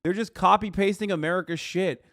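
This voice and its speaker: A man's voice: steady tone, fairly quick, no room sound. Profane ranting male streamer, dry close mic. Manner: profane, ranting, swings between loud outbursts and low mutters. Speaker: streamer reacting to a news video. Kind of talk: live reaction commentary.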